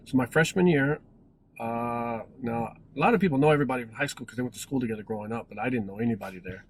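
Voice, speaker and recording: A man's voice: mid-range voice, fast, low-quality recording. A man in his forties telling a personal story in a casual, rambling way, with many restarts and self-corrections. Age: 40s. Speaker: vlogger.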